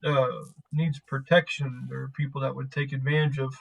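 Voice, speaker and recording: A man voicing a weary, guarded crew leader who speaks hesitantly, with many halting pauses. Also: medium pitch, little pitch movement, gravelly. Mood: quiet, earnest. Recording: muffled lo-fi mic.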